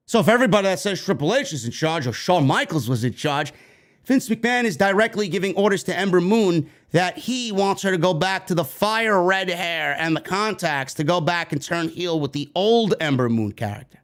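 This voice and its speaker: A man with a high-pitched voice hosts a wrestling news show. He talks in an emphatic, sarcastic way and reads interview quotes aloud between his own remarks. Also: expressive, moderate pace. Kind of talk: commentary reading interview quotes.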